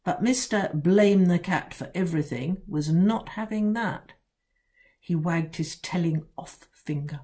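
Woman author reading aloud to children, wry and unhurried, low-ish warm tone. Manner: wry, sly first-person storytelling with dramatic pauses. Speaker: children's book author reading her own book.

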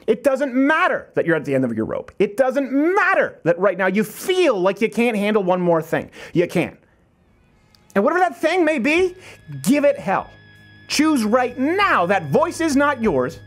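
A man's voice: very high-pitched, sing-song, moderate pace, fairly bright tone. A man hosting a talk show, delivering an emphatic motivational monologue full of repeated phrases.

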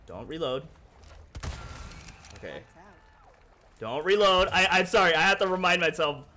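Fast-rambling, cursing male streamer. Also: a little high, lively intonation, bright, forceful tone, slight background noise. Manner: rambling, profane, addresses chat directly; heated then apologetic. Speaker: video game streamer. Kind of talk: live-stream chat while gaming.

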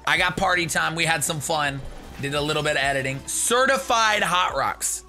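A young man hosting a gaming video, excitable and jokey, bursting into shouts as he comments. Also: on the high side, normal speed, faint music behind.

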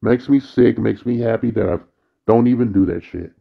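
A man's voice: mid-range voice, normal speed, gravelly, phone-quality sound. A man delivering a bitter, weary, profanity-heavy monologue as a vlogger. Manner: bitter, weary ranting, frequent cursing.

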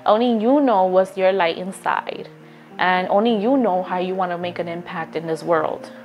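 A woman's voice: lowish voice, moderate pace, a little mellow, soft background music. A woman talking straight to her phone camera in a casual, earnest vlog, encouraging viewers and often stopping to restart a thought. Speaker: vlogger. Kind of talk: casual motivational talk to camera.

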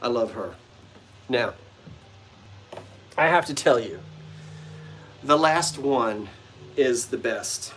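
A man's voice: mid-range voice, lively intonation, slow pace, long pauses, fairly bright tone, a little hiss or hum. A man hosting a vintage-goods live stream from a house's front porch, chatting playfully and joking with his viewers. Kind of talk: casual live-stream chat. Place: front porch of an old bungalow at sunset.

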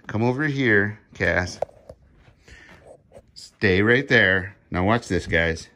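A man's voice: on the low side, animated, slow pace, pushed and bright, slight background noise. A middle-aged man, casually filming himself giving short commands and easygoing praise to a dog. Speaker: dog owner filming a training demo. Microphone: handheld camera he films himself.

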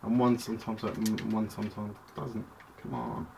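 A man talks through a toy review in a loose, chatty ramble, breaking off mid-thought and circling back. He is recorded from a distance at home, with clear background noise and plastic clicks under his voice. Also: fairly low pitch, sing-song, moderate pace. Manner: rambling, chatty, self-interrupting. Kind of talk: casual toy review vlog.

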